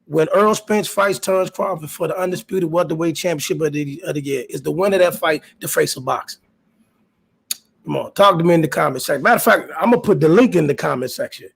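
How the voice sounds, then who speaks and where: Gravelly-voiced man hosting a boxing livestream. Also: on the high side, fast. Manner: animated, repeats himself, talks to chat viewers. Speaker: host of a boxing talk livestream. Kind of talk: casual live-stream talk.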